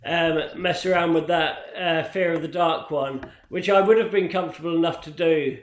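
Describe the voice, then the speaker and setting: A man's voice: fairly high pitch, steady tone, normal speed. A man chatting on a video call between songs at an open mic, hesitant and laughing, with many restarts. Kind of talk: casual chat on a video call. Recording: echoey room.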